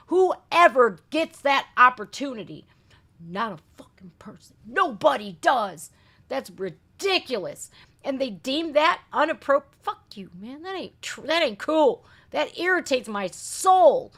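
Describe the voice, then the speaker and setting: A woman's voice: high-pitched, expressive, slow, fairly bright tone. A woman hosting a live reaction stream, ranting indignantly with swearing and rhetorical questions. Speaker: reaction channel host. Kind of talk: heated live commentary.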